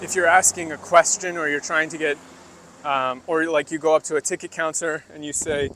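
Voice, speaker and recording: A man's voice: a little high, fairly even intonation, moderate pace, sharp tone, a little hiss or hum. Chatty man walking outdoors, crickets behind. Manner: chatty, loose, explains with many fillers and asides. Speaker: streamer answering chat. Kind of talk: casual live-stream chat while walking outdoors. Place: outdoors on a rural walk.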